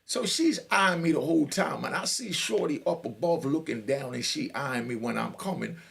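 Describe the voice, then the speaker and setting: A man's voice: on the high side, normal speed, gravelly. A middle-aged man, telling a prison story in a swaggering, laughing way. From New York. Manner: animated, swaggering, laughs often, fills with "you know what I mean". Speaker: storyteller sharing prison stories. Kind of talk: casual storytelling.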